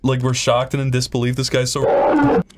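A man hosts a gaming show and tells a long, rambling story at a mid pitch. He fills his talk with "like" and keeps restarting his sentences as he plays. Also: fairly even intonation, normal speed, darkish tone, soft background music. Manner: rambling anecdote with many fillers and restarts. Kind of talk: casual storytelling over gameplay.

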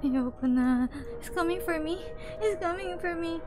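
A woman's voice: very high voice, moderate pace, music in the background. A woman streaming a horror game, jumpy and swearing, shrieking and whimpering as she plays. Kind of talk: live horror gameplay commentary.

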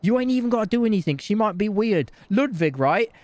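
A man with a high, tight-voiced delivery rambles brashly through improvised role-play, crude and quick to complain. His voice sits close and dry, with no room around it. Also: animated, darkish tone, dry recording. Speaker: streamer playing a role-play character.

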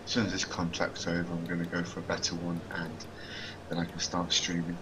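A man's voice: low-pitched, completely flat delivery, fairly quick, very noisy. A man joining a live stream as a guest, chatting casually and laughing easily. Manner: laid-back, laughs easily. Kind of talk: casual chat.

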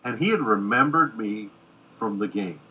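A middle-aged American screenwriter telling a lively anecdote in a podcast interview, acting out the quoted dialogue. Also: male voice, on the low side, moderate pace, slight background noise, poor audio. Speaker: screenwriter guest. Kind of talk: casual storytelling in a podcast interview.

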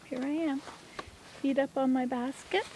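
Woman vlogger, rambling casual chat, mellow tone, outdoor camera sound. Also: sits high, fairly even intonation, measured pace, slight background noise, poor audio. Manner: rambling, chatty, thinking aloud. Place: outdoors by a marsh.

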